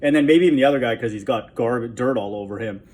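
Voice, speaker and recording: A man's voice: mid-range voice, quick pace, a little mellow. Rambling, scornful man telling a story. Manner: rambling, repeats "okay?" constantly; scornful, contemptuous. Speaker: vlogger. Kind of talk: casual storytelling monologue.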